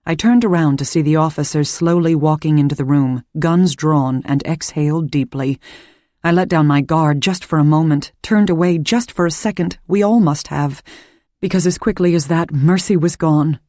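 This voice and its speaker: Calm woman narrating an audiobook. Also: deep voice, moderate pace, dry recording, clean studio sound. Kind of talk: first-person audiobook narration.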